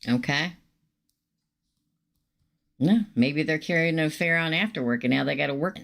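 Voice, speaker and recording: A woman's voice: low-pitched, moderate pace, creaky. A middle-aged woman giving live tarot readings to viewers in a chatty, emphatic way. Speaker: tarot reader.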